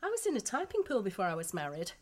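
A woman's voice: mid-range voice, huge pitch swings, fast. Yorkshire housewife in her thirties, frank and chatty, played by a woman, radio drama. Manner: blunt, gossipy, down-to-earth.

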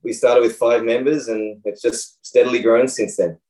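A man's voice: medium pitch, fairly even intonation, moderate pace, dark tone, rough recording. A man with an Australian accent, a senior pastor, chatting in a friendly, joking way on a video call. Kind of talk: casual chat on a video call.

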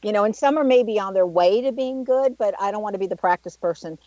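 A woman's voice: mid-range voice, fast talker, mellow, no echo. Chatty woman radio host, dry lo-fi sound. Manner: chatty, tells personal anecdotes, laughs easily. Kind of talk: casual radio interview. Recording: dry, dull lo-fi studio sound.

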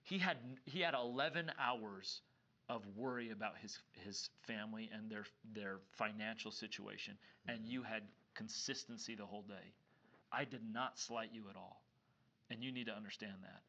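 Bright-voiced man telling a lively teaching story. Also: lowish voice, moderate pace, vocal fry, muffled recording. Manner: animated storyteller who acts out dialogue. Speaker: podcast co-host and seminary teacher. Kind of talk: casual scripture discussion.

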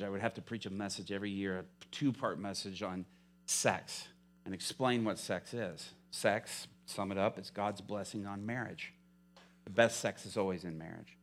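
A male pastor preaching a sermon, telling a story with lively swings from hushed to loud. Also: low-pitched.

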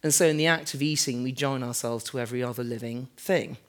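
An architect and author with a rumbling low voice speaks quickly in a live, conversational lecture held in a big event space that was once a fruit warehouse. She's chatty and self-deprecating, sprinkling in frequent "um"s and asides.

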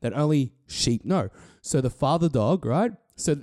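A man's voice: fairly high pitch, expressive, unhurried, darkish tone, no echo, studio quality. A man co-hosting a casual podcast, retelling a film loosely and swearing freely. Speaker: podcast co-host.

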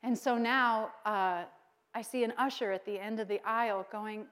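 A middle-aged woman pastor preaching a sermon, telling a personal story with lively acted-out quotes and frequent laughter. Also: on the high side, moderate pace.

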